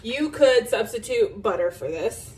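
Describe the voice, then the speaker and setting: A woman's voice: a little high, expressive, unhurried, darkish tone, a little hiss or hum. A woman in her thirties with a Southern US accent, chatting casually in her home kitchen for a cooking vlog, rambling with lots of ums. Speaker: cooking vlogger.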